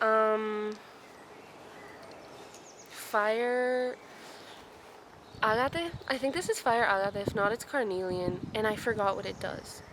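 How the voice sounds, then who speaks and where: Soft-spoken young woman, rambling forest vlog. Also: medium pitch, takes it slowly, pauses often, background noise. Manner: soft, reflective, rambling with many ums and self-corrections. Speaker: vlogger. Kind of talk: casual vlog chat. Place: outdoors in a forest.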